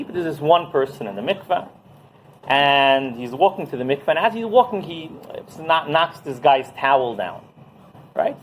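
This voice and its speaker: A man teaching as a rabbi, telling a story in a lively way and often asking "right?" as he goes. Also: on the high side, a little hiss or hum, rough recording. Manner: animated, keeps asking "right?". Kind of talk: Torah class storytelling.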